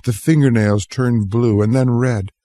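A man narrating a story aloud as an audiobook for English learners, reading clearly and deliberately. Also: medium pitch, steady tone, dark tone, no room sound.

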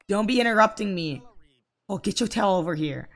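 A woman's voice: sits low, normal speed, long pauses. A woman giving let's play commentary, scolding her game characters aloud in exasperation. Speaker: gaming channel host.

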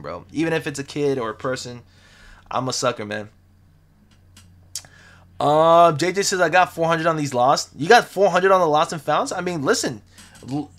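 A man's voice: medium pitch, a bit bright. A young man hosting a livestream, chatting casually and reading out viewer comments in a laid-back, slangy way, often repeating himself. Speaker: sneaker livestream host. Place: home, lives in the city.

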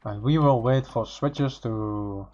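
A man's voice: mid-range voice, takes it slowly, warm tone, muffled recording. A man co-hosting a casual game playthrough, joking and laughing, with stammered restarts. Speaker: gaming co-host. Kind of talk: casual let's-play chat.

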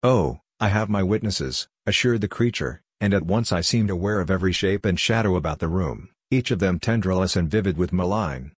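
A man narrating a scripted horror story in a measured, solemn first-person telling. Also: deep voice, husky, no echo, clean studio sound.

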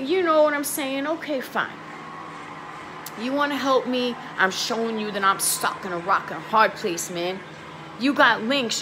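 A young woman talking straight to her viewers, heated and pleading, swearing and repeating herself. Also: mid-range voice. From New York. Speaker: vlogger. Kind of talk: emotional talk to camera.

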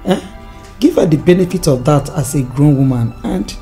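A woman's voice: low voice, animated, normal speed, dark tone, faint music behind. An actress playing a firm, dismissive woman friend.

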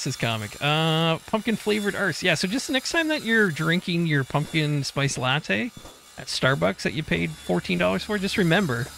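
A man's voice: fairly high pitch, gravelly, a bit bright, a little hiss or hum. A man streaming a co-op survival game, joking crudely with his partner and reading viewer chat aloud. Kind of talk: casual co-op gameplay chat.

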